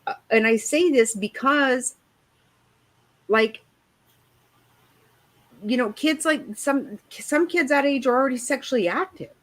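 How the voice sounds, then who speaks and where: A woman's voice: sits high, animated, a little slow, pauses often. Older woman co-host, candid and profane, voice swings up and down a lot. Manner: frank, profane storytelling. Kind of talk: casual chat.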